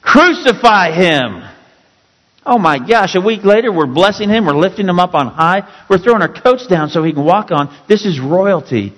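A male pastor preaching a sermon with dramatic, emphatic storytelling that drops suddenly to quiet. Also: high voice, animated, fairly quick, hardly any pauses, in a large hall, low-quality recording.

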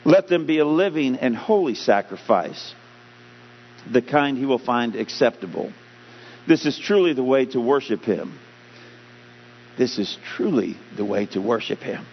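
A man preaching a sermon as pastor, animated, getting louder and slower to stress his points. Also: mid-range voice, slightly rough. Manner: animated preaching, rising loud and slowing for emphasis. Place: church sanctuary. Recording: dull, humming church hall recording.

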